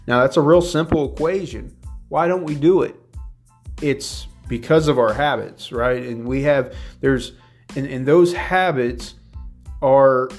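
An earnest man speaks in a casual, motivational monologue at a middle pitch, often restarting his sentences and leaning on fillers. Faint music plays quietly behind his voice. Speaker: podcast host.

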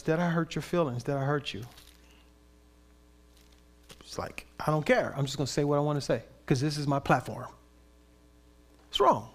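A man preaching a sermon in an animated, conversational way with playful asides. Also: on the high side. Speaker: pastor.

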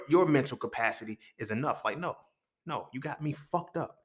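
A young man hosting his own podcast, talking alone in a heated, profane monologue that rises to near-shouts and then drops low. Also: brisk. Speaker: podcast host. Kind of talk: impassioned solo monologue.

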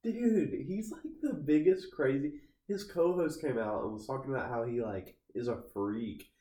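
A man's voice: medium pitch, moderate pace, mellow. A man co-hosting a podcast in casual chat, telling rambling stories packed with filler words. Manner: rambling, filler-heavy storytelling with frequent laughs. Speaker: podcast co-host. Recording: echoey room.

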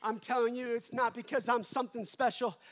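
Man, pastor, very high voice, fervent sermon, swings from loud to hushed. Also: steady tone, fairly quick. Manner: impassioned preaching with rising shouts and hushed endings.

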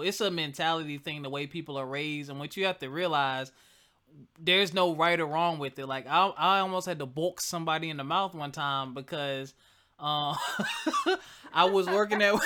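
A man in his thirties co-hosting a casual podcast chat, wry and quick to laugh through his stories. His voice sits somewhat high and sounds bright and forceful. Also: clear, resonant tone. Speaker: podcast co-host.

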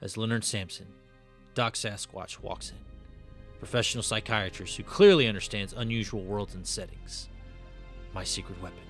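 A man hosting a podcast, narrating a comic book aloud in a low, even voice. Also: moderate pace, soft background music.

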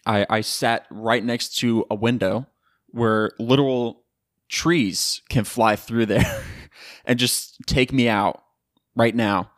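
A man's voice: mid-range voice, slow, no echo, clean studio sound. A young man from Florida hosting a casual solo podcast from home, joking and swearing in slangy chat. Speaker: podcast host. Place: home room by a window in a hurricane.

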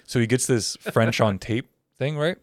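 A man's voice: mid-range voice, moderate pace, no room sound, studio quality. Profane young man telling cartoon stories. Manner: profane storyteller doing goofy character voices. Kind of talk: casual chat.

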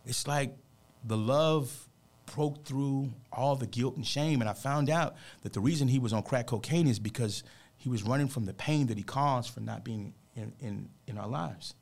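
A man with a gravelly, creaky voice speaking at a middling pitch. He tells a personal story with heartfelt, emphatic earnestness, pressing his points home the way a preacher would. He sounds like a motivational speaker talking on a radio program. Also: normal speed, darkish tone.

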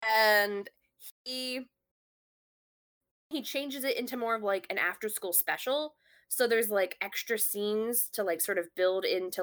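A woman's voice: medium pitch, a little slow, fairly bright tone. A woman in casual conversation, telling a long story with many fillers and restarts. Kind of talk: casual chat.

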